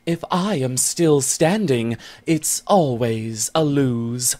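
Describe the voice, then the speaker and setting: A man voicing a shy, sly Irish giant woman, high, fretful and protesting. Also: takes it slowly, a little mellow, lightly acted. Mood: reluctant.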